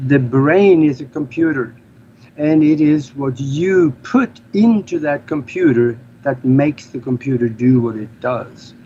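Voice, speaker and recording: A man's voice: medium pitch, lively intonation, measured pace, warm tone. A man from Norway, speaking English as a second language, explaining things earnestly as an interview guest. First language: Norwegian. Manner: earnest, explanatory, slightly non-native grammar. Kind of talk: casual interview talk. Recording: slightly dull lo-fi audio with faint noise.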